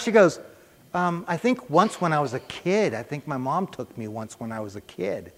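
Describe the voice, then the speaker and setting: A middle-aged man preaching a sermon in a conversational, animated way, telling a personal story and acting out the voices in it. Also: fairly high pitch, normal speed. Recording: reverberant church hall.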